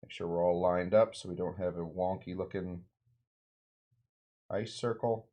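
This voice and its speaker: A man's voice: low-pitched, fairly even intonation, a little slow, warm tone, highs cut off. A bartender hosting a cocktail show, talking loosely and rambling with lots of fillers and asides while he mixes drinks. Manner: rambling, loose, full of fillers and side remarks. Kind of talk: casual cocktail-making demonstration.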